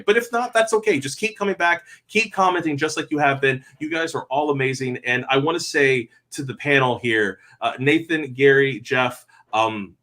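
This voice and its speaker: A man's voice: on the high side, normal speed, hardly any pauses, fairly bright tone. A man hosting a casual online panel chat, rambling and heartfelt, stammering through frequent restarts. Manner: heartfelt and effusive. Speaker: panel host.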